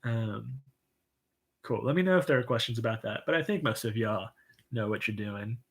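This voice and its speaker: A man hosting a casual livestream, reading viewer comments with an upbeat, encouraging manner, lots of "um" and soft laughs. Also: medium pitch, vocal fry. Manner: chatty and enthusiastic, frequent "um" and soft laughs; says "y'all", upbeat and encouraging. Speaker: livestream write-in host.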